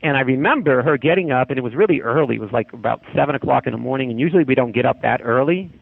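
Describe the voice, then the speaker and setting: A man with a gravelly, husky voice tells a long story in a casual, rambling way, often restarting mid-sentence. His voice comes through a narrow, tinny phone line. The sound is dry, with no room around it. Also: medium pitch, rapid-fire, no echo. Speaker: guest telling a haunting story.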